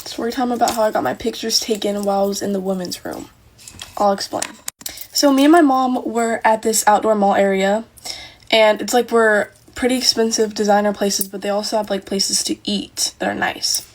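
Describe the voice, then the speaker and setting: Woman storytime vlogger, easygoing conversational delivery, mid pitch. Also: moderate pace, rough recording. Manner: relaxed, conversational narration. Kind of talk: casual story time.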